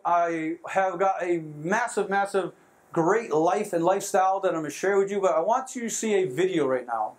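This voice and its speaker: A man leading a motivational seminar in front of a live audience, excitable and quick to laugh at his own jokes. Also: sits high, faint music behind, poor audio. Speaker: seminar trainer.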